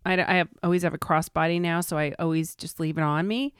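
A woman's voice: sits low, fairly even intonation, quick pace, clean tone. A woman co-hosting a casual gossip podcast, blunt and wry, with sarcastic asides. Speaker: podcast co-host.

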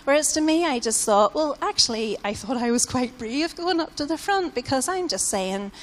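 A woman's voice: high-pitched, animated, moderate pace. A British woman preaching a sermon in a casual, conversational way, often saying "like" and "you know". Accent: British English. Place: church hall. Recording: long hall reverb in a church.

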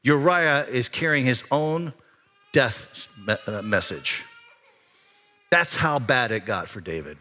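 Speaking slowly but animatedly, a male pastor preaches in a church sanctuary with slight background noise. His conversational delivery climbs higher and louder for emphasis and sinks quiet for serious points.

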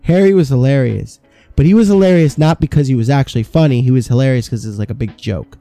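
Mellow-voiced man telling profane stories. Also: mid-range voice, fast talker, no room sound, faint music behind. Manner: profane, rambling, animated storyteller. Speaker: podcast co-host. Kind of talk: casual storytelling chat.

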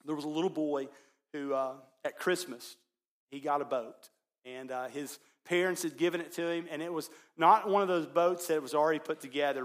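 A man preaching as a pastor, telling a story in his sermon and swinging between loud, excited passages and hushed ones. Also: on the high side.

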